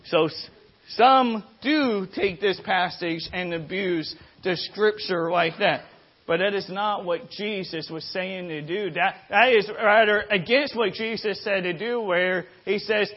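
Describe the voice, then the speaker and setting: A man with a fairly high voice preaches and tells a story, full of energy. He often stops and starts again, repeating words as he goes. The recording sounds dull and lo-fi. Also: a little slow. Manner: animated storyteller, frequent restarts and repeated words. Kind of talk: sermon with storytelling.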